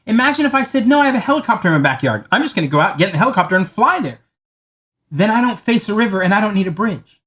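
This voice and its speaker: Giving a marketing talk, this man tells a lengthy story conversationally, often repeating words. He brings the characters to life by delivering their quoted lines in a raised voice, animated throughout.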